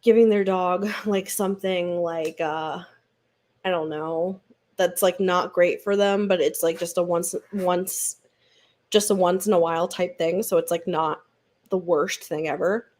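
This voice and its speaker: A woman's voice: fairly low pitch, fairly even intonation, unhurried, a little mellow. A woman hosting a read-along livestream, chatting casually, rambling with lots of fillers and frequent giggles. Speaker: booktube host.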